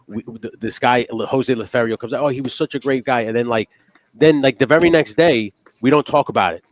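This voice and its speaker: A man's voice: mid-range voice, a little fast, no echo. A man co-hosting a wrestling podcast, ranting in a heated and profane way. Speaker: podcast co-host. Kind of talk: casual wrestling chat.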